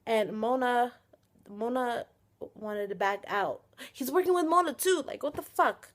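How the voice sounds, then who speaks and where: A young woman with a slightly high voice and a somewhat slow delivery rants on a casual vlog while reviewing a TV episode. She sounds angry and exasperated, sighing a lot and swearing as she goes. The audio comes from a webcam or built-in camera mic.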